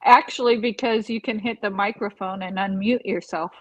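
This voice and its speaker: A woman's voice: medium pitch, fairly even intonation, normal speed, slight background noise, low-quality recording. A woman chatting on a casual late-night livestream, laughing easily.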